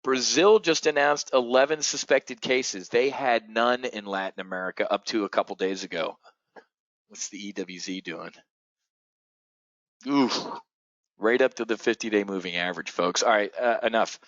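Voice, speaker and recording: Excitable man hosting a trading webinar. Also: lowish voice, normal speed, no room sound, lo-fi sound. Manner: excitable, swears, addresses audience as folks.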